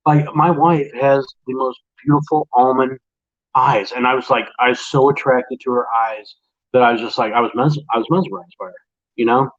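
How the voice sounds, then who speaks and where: A man's voice: medium pitch, fairly even intonation, normal speed. A man co-hosting a casual late-night chat show, rambling and laughing often. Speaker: podcast co-host. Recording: lo-fi dull sound.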